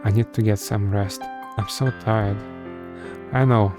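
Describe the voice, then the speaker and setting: Man reading tired uneasy young office woman, slow inner thoughts, game music behind. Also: on the low side, fairly even intonation, lightly acted. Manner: slow, drawn-out inner monologue.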